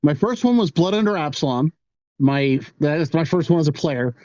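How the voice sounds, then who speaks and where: A man's voice: on the high side, lively intonation, normal speed, dark tone, dry recording, muffled recording. A man co-hosting a podcast, chatting casually and recalling his past games with some hesitation. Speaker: podcast co-host. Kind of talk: casual chat.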